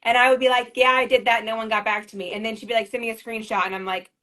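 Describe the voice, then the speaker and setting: A woman's voice: a little high, little pitch movement, fast talker, pushed and bright. A woman in her thirties telling her story on a livestream, rambling and repeating herself as she gets emotional. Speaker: MLM leader on a livestream.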